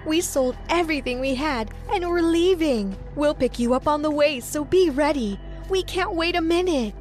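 A woman's voice: high-pitched, darkish tone, faint music behind, close to an everyday voice. A woman voicing a panicked mother urging her daughter to get ready. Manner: urgent, hurried pleading.

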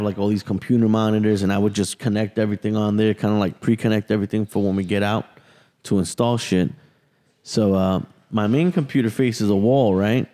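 A man's voice: fairly low pitch, warm tone. A man, the host of a podcast, telling a long and profane story in casual chat. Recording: long hall reverb.

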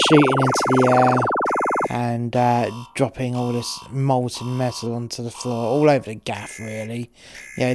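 A man's voice: mid-range voice, darkish tone, a little hiss or hum. A man narrating a first-person crime story, swearing freely with rambling, wry asides.

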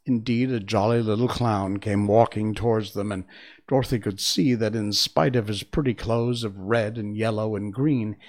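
A man reading a fairy tale aloud in an expressive storytelling manner. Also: on the low side, vocal fry. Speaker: narrator.

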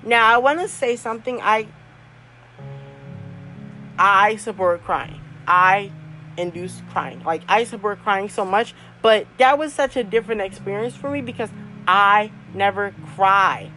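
A young woman with a mid-range voice hosts her own podcast and rambles through a personal story. She talks casually, laughing often and filling pauses with ums and you-knows. Faint music plays under her voice. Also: mid-range voice, bright, forceful tone, low-quality recording. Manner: chatty, laughs often, many fillers. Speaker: podcast host.

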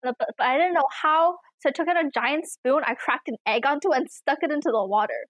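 A young woman tells a story in a casual chat, stumbling and restarting as she goes. Her voice is high, and the sound is dry and close. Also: fast talker, fairly bright tone, no echo.

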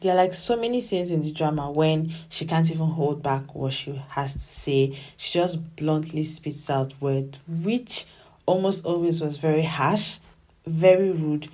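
A woman giving casual, animated commentary as she reviews a television drama. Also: low voice, unhurried. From Nigeria. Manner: animated and emphatic, often acts out dialogue.

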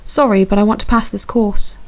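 A man voicing a sharp-tongued young woman superhero in a raised, snappy voice. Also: high voice, fairly even intonation, brisk, voice pushed up. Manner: snappy, curt.

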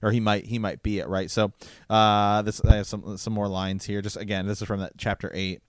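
Deep-voiced man reading from a book. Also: little pitch movement, fairly quick, dry recording, studio quality. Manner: reads book passages aloud between chatty asides, many fillers. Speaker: book podcast co-host. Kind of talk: casual chat with read-aloud passages.

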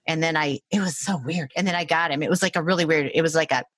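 Woman, lowish voice, dry close sound, animated storyteller, laughs a lot, Reiki practitioner chatting casually. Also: fast, hardly any pauses, no room sound. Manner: animated, acts out quoted voices, laughs often, many fillers. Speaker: Reiki practitioner and intuitive healer.

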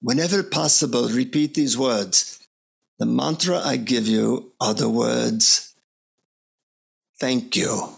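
A man's voice: mid-range voice, slow, creaky, long pauses, breathy edge, pitched below the performer's own voice, heavily acted. A man voicing a wise male Indian guru with an Indian accent, speaking in a solemn, patient, instructive way. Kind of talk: storytelling impression.

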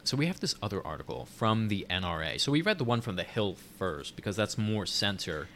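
Guy with a lowish voice chatting on a podcast, faint hiss behind. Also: very animated, fairly quick, fairly bright tone. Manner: conversational, reads articles aloud. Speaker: podcast co-host. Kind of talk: casual podcast discussion.

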